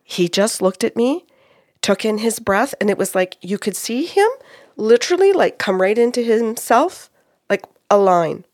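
A woman's voice: a little high, normal speed, no room sound, studio quality. A woman working as a psychic medium, recounting a session in a conversation and acting out the quotes as she goes. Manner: animated retelling, acting out quotes. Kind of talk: storytelling in a conversation.

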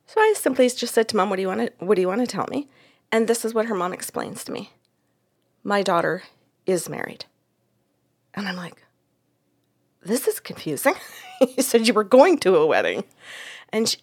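A woman telling a story from a client session in a casual, animated way, acting out the voices in it and laughing often. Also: mid-range voice.

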